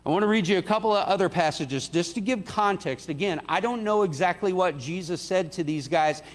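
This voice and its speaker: A man preaching a sermon in a conversational way, acting out the quoted lines. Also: fairly quick. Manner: conversational, acts out quotes with rising pitch. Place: church sanctuary. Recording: church hall reverb.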